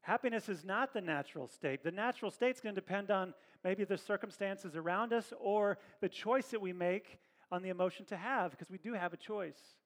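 High male voice, pastor, conversational sermon, animated, church setting. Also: brisk. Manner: conversational, animated preaching with asides to the congregation.

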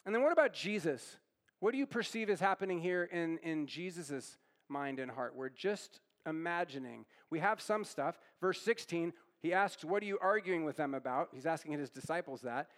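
A man's voice: on the high side, expressive, normal speed. A male pastor giving an interactive sermon, asking the audience questions, repeating their answers and tagging lines with "right?". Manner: conversational, often tags lines with "right?".

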